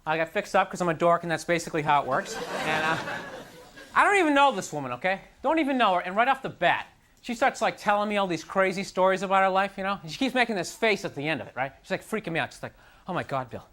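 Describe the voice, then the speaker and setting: This comic's voice is high, sing-song and a bit bright, and he moves at a quick pace. He rants through a stand-up set at a club, frustrated and self-mocking, dropping into mocking voices as the crowd laughs in a noisy live recording.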